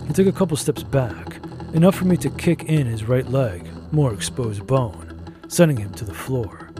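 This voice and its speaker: A man narrating a first-person story in an even, measured way. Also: medium pitch.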